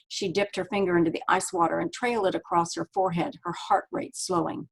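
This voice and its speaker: A woman author reading aloud from her own novel in a steady, measured way. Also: on the low side, creaky, slightly rough, low-quality recording.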